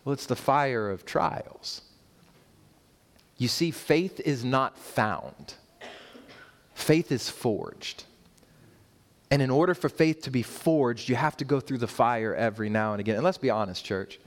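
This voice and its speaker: A man's voice: a little slow, long pauses. A man preaching a sermon to his congregation, with rhetorical questions, emphatic repeated phrases and playful asides to the church. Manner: builds in pitch and force toward emphatic points, with rhetorical questions. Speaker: pastor.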